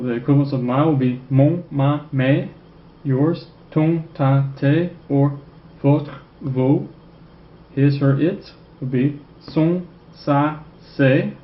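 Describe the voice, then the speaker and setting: With a mid-range voice, a man lectures on French in a recorded class, repeating phrases slowly and asking "okay?" again and again. Echo from the room, faint noise, and a dull lo-fi quality mark the recording.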